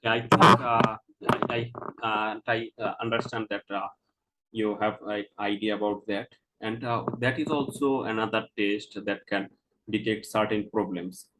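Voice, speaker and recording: A man with a fairly low voice plays a doctor in a practice consultation. He reassures the patient in halting sentences full of filler sounds. He keeps checking whether he has been understood. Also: fairly even intonation, background noise. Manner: halting, heavy "uh" fillers, slow explaining; checks understanding with "Do you get me?". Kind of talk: mock doctor-patient role-play.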